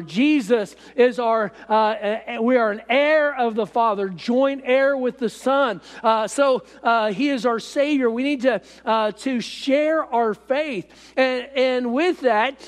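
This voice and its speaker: Pastor, male, high voice, halting delivery full of fillers, recorded in an echoey hall. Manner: halting, with many fillers and repeated phrases. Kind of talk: sermon.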